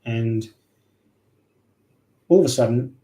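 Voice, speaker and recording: A man chats loosely through a livestream story, filling his pauses with ums. His voice is dark and mellow. The room gives his voice a noticeable echo. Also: medium pitch, far from the mic. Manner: loose, chatty, many fillers. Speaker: livestream host. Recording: roomy echo.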